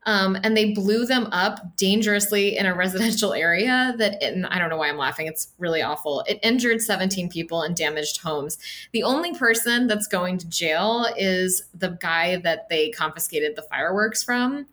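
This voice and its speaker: A woman's voice: lowish voice, fairly bright tone. A woman co-hosting a podcast, talking casually with many fillers and a sarcastic edge. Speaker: podcast co-host. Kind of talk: casual political chat.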